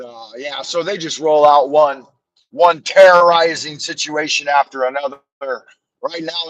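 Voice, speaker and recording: A middle-aged man rambles and cracks crude jokes as he talks to his livestream chat. His voice sits a little high for a man. The sound is dry and close, with no room around it. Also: a bit bright, no echo, low-quality recording. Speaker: livestream host.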